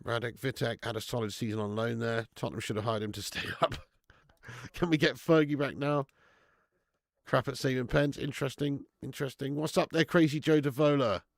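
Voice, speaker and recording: A middle-aged man, chatting excitably through a live football watch-along, swearing and bantering with his viewers. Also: medium pitch, creaky, no echo, studio quality.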